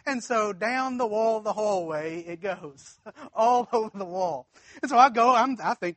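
A man's voice: high voice, lively intonation, a little slow, a bit bright, no echo. A man preaching a storytelling sermon, folksy and chuckling, talking straight to the congregation.

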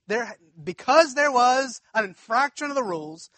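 A man with a high, bright voice tells a story from the pulpit in a folksy, chuckling way. He talks directly to his congregation, as if chatting with friends. The sound is close and dry, with no room echo. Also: animated, normal speed, hardly any pauses. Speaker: preacher. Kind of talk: storytelling sermon.

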